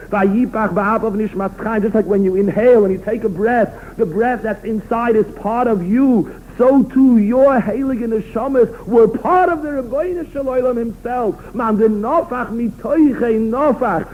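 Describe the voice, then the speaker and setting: A man, a rabbi, giving an expressive sermon full of stories. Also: sits high. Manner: storytelling, expressive, emphatic. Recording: tinny phone-line recording.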